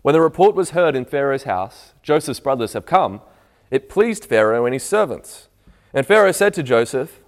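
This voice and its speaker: A man delivering a sermon in a mid-range voice. His delivery moves between soft, measured scripture reading and louder, climbing passages of emphatic preaching. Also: mid-range voice, big pitch swings. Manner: swings from hushed reading to raised, emphatic preaching.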